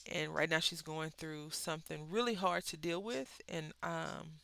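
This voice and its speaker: Bright, crisp, rambling coloring vlogger. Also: mid-range voice, normal speed. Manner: rambling, self-correcting, gently encouraging. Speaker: coloring channel host. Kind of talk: casual chat while coloring.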